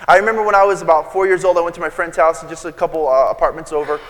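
A man preaching to a congregation in a big hall whose long echo trails after each phrase. His voice sits a little high for a man, and he tells stories, jumping into quoted lines with sudden loud bursts. His delivery stays conversational and lively. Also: rapid-fire. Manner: storytelling, acts out quotes with sudden shouts. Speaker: pastor. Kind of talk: sermon.

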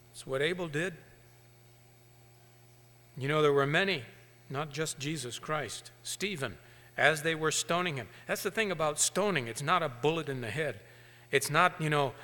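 A male preacher delivering a sermon with animated storytelling, swinging between hushed and emphatic. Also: on the high side, big-room sound.

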